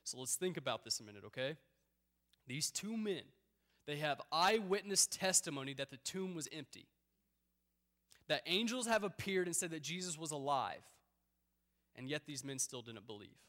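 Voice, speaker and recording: A man preaching a sermon as a pastor, earnest and building to emphatic appeals, then dropping low for somber points. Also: a bit bright. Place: church hall. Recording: long hall reverb.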